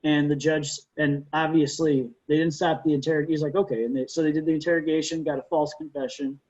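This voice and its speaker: A man, a defense lawyer, telling courtroom stories in a casual interview, animated and often restarting his sentences. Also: fairly high pitch, fairly quick. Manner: animated storyteller, frequent restarts and stammered repeats. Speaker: defense lawyer, podcast guest. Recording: dull lo-fi sound.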